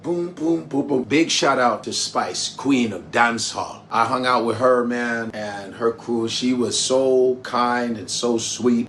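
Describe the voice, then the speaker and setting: A man comedian telling a lively travel story in an animated stand-up style, from Nigeria, boisterous and prone to jumping high in pitch for emphasis. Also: a little hiss or hum.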